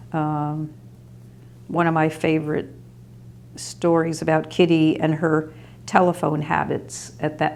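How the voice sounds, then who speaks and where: Brief: older woman storyteller, low gravelly voice, rambling anecdotes. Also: darkish tone, a little hiss or hum. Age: 60s or older. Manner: rambling and anecdotal with small laughs. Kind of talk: reminiscing oral history.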